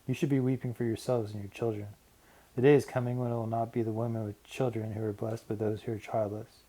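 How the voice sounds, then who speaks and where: A man voicing a solemn, gentle teacher in a Bible story. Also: on the low side, level tone, fast, natural voice.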